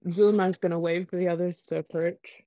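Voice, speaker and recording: A woman's voice: lowish voice, fairly even intonation, brisk, dry recording. A woman player voicing her character in a tabletop game, casual and hesitant, on a dull, dry mic.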